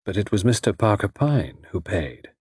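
A man with a low, husky voice reads a story aloud, letting his pitch rise and fall with wry expression. The recording is close and dry, with no room sound. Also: very animated, moderate pace, a little mellow, dry recording. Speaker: narrator. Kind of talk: audiobook reading.

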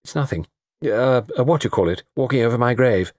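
A man voicing a hurried, insistent young woman guest in a storybook reading. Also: mid-range voice, a little mellow, no echo, clean studio sound, close to an everyday voice. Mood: earnest.

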